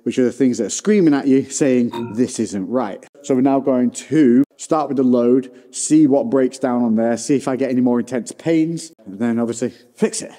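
A man's voice: medium pitch, normal speed, few pauses, mellow, big-room sound. Chatty man talking through his lift. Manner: chatty, self-narrating. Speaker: fitness presenter. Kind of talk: casual gym vlog talk.

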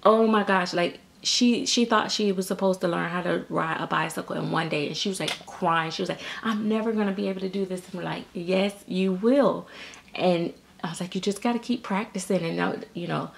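A middle-aged woman talks casually to her viewers. Her voice sits a bit low and has a gravelly edge. She rambles, circles back and fills her sentences with "like" and "um.". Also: steady tone, normal speed. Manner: rambling, many fillers and restarts. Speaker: reborn doll artist and vlogger.

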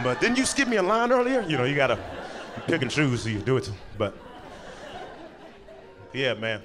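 A man in his thirties doing high-energy stand-up comedy on stage, animated and jumping into voices. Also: normal speed, long pauses. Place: comedy stage before a live audience. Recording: live show with audience noise.

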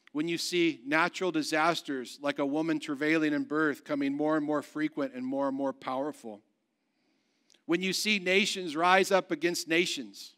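A man pastor preaching a sermon, going from loud proclamation to soft, hushed storytelling. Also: fairly high pitch. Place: church.

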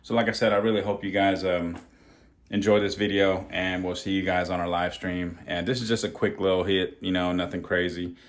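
Vlog host, male, lowish pitch, slangy, excitable, swears freely. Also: a little fast. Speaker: channel host. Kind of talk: casual vlog narration.

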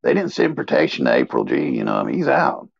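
A man's voice: a bass voice, wildly swooping pitch, fast talker, gravelly. A man co-hosting a live online talk show, joking around in crude, profane banter. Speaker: co-host. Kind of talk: casual live-stream chat. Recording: dull lo-fi audio.

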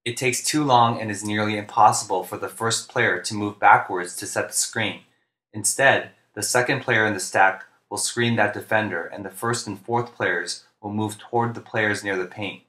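Monotone man coaching over animated diagrams. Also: fairly low pitch, roomy sound. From United States. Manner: monotone, deliberate and clear. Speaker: basketball coach. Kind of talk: scripted instructional narration. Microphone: home recording for narration.

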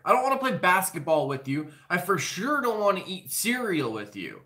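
Bright-voiced man, profane and joking. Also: high voice, sing-song, brisk, few pauses. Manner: profane, joking, loose and conversational. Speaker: live-stream host. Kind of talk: rambling comedic monologue.

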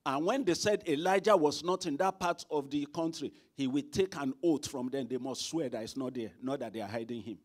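A man's voice: mid-range voice, fairly quick, few pauses. A man preaching a sermon at a church service, emphatic and asking the congregation rhetorical questions.

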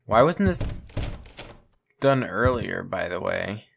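A man's voice: lowish voice, very animated, slow pace, gravelly, slight background noise. A man giving jokey, wry let's-play commentary while playing a game. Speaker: gamer playing on a channel.

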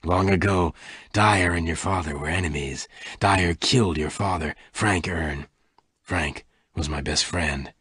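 A man voicing Lassiter, a gruff older gunman, speaking low, quiet and gentle. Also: measured pace, dry recording, clean studio sound, exaggerated voice.

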